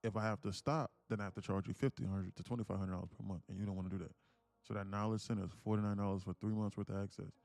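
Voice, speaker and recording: A man hosting a live day-trading stream, preaching emphatically and repeating himself as he pitches memberships. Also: fairly even intonation, very fast, vocal fry, darkish tone, dry recording. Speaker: day-trading livestream host.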